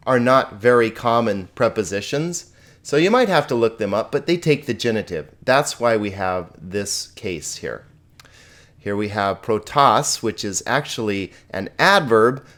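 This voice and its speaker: A man teaching a recorded lesson, patient and slow to explain, who often puts questions to the listener. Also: mid-range voice. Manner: patient, explains slowly, asks the viewer questions. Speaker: Greek teacher.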